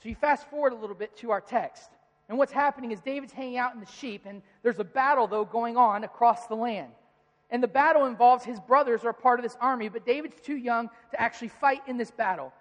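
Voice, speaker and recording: A preacher retelling a story to a congregation in a playful, animated, conversational way. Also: medium pitch, brisk. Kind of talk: storytelling sermon. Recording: reverberant hall.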